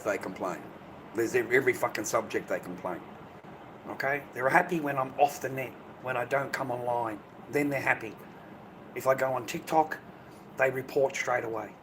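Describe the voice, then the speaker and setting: A man's voice: mid-range voice, noisy background. Blunt, profane Australian man. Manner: blunt, profane and dismissive, repeating himself. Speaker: live streamer. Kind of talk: rambling live-stream monologue.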